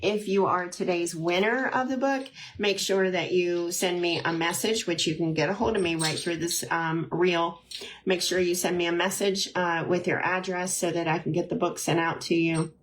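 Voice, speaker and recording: A woman's voice: fairly low pitch, steady tone, moderate pace, a little hiss or hum. A woman hosting a casual live-stream tarot reading, chatty and heartfelt, with frequent ums and restarts. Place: at home.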